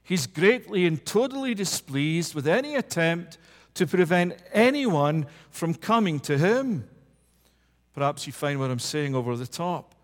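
A man preaching a sermon, impassioned, swinging between loud emphasis and low hushed passages. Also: lively intonation, a little slow. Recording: long reverb of a large hall.

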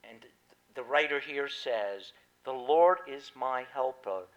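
A man's voice: medium pitch, takes it slowly, highs cut off. A man preaching a sermon, explaining a scripture passage and stressing key words with emphasis. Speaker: pastor.

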